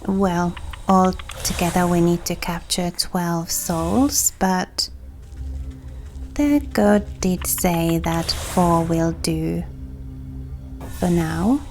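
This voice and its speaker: A woman whose first language is not English, hosting a let's play and reading the game text aloud in a soft, unhurried way. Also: fairly low pitch, steady tone. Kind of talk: calm gameplay narration. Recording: faint music behind.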